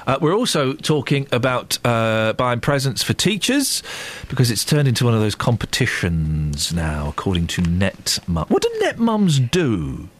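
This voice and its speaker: A man hosts a radio show in a studio, his pitch swinging widely as he jokes and teases. He speaks in loose, animated casual chat. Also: measured pace. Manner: animated, joking, teasing. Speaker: radio host.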